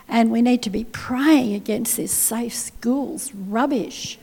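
A woman giving an informal devotional talk, chatty with frequent asides, who drops to a soft whisper when she quotes scripture. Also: fairly high pitch, steady tone, a little slow, few pauses, long reverb tail. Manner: conversational, with frequent "you know" asides. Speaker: Christian speaker.

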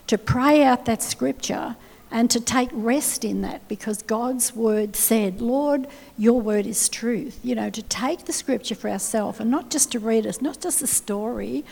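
A woman with a somewhat high but dark, mellow voice and a gravelly edge gives a chatty devotional talk. She strings her thoughts together with asides and softens to a near whisper when she quotes scripture. A long reverb hangs behind her. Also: measured pace. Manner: conversational, with frequent "you know" asides. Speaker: Christian speaker. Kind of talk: informal devotional teaching.

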